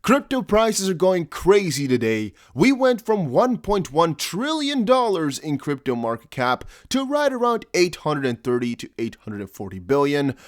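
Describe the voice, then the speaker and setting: Animated, chatty crypto vlogger man. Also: fairly high pitch, no echo, studio quality. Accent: American-ish. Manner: chatty, rambling, jokey asides. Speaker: crypto YouTuber. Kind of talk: casual crypto vlog.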